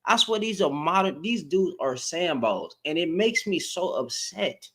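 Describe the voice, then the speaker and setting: A man's voice: on the high side, pushed and bright. A man hosting a live stream, giving heated commentary in an exasperated tone, repeating himself for emphasis and swearing.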